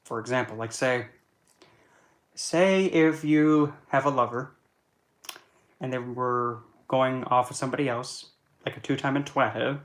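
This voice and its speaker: A man talks loosely and bluntly in a casual monologue. He jokes darkly and keeps correcting himself as he goes. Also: mid-range voice. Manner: chatty and blunt, darkly joking, self-correcting. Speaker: occult and astrology vlogger.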